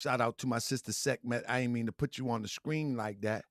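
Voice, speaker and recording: A man hosting an online commentary channel, preaching in a fiery, repetitive way that swings from shouting to quiet, laughing apologies. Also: medium pitch, steady tone, a little fast, dry recording. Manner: preachy, repetitive calls and answers. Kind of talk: fiery talking-head rant.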